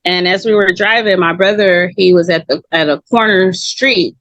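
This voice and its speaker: A woman's voice: lowish voice, normal speed, no room sound, highs cut off. A woman from Long Beach telling her own story as an interview guest, candid, acting out what others said. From Long Beach, California. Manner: animated, acts out quoted voices.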